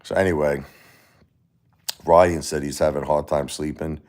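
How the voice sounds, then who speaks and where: A man's voice: a bass voice, moderate pace. A man with a Brooklyn New York accent, hosting a casual livestream and chatting with viewers as he reads their comments aloud. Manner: animated, reads chat aloud, mock-Italian tough-guy phrases. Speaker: livestream host.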